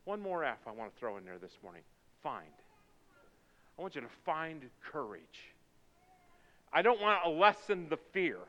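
A man preaching a sermon, moving from quiet, intense passages to loud, fervent pleading. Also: a little high, sing-song, normal speed, long pauses. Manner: swings from quiet intensity to shouted fervor. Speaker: pastor. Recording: dull sound with long reverb in a hall.

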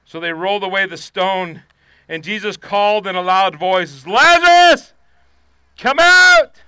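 A man preaching a sermon, rising to shouted fervor and dropping to quiet, low confiding. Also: steady tone, normal speed, clean tone, dry recording. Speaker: pastor.

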